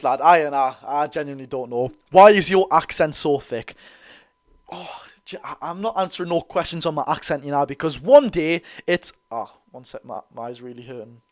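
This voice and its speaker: A young man with a Geordie accent giving excitable, bantering live commentary on a football match while reading out viewer comments. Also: on the high side, moderate pace. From North East England. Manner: excitable, banter-filled, reads chat aloud. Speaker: football channel host.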